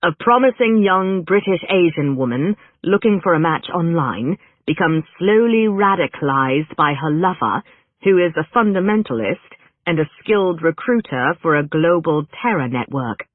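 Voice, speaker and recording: Careful smooth-talking agent guy, narrator playing him, hesitant with bad news, tinny phone-line sound. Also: a little high, lively intonation, moderate pace, no room sound, lightly acted. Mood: placating. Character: cautious male talent agent, smooth and placating. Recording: narrow phone-like band, dry.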